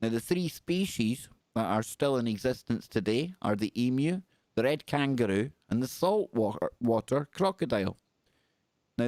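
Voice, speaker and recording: A Scottish man hosting a live call-in radio show, chatting loosely and reading news stories aloud with rambling asides. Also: mid-range voice. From Scotland.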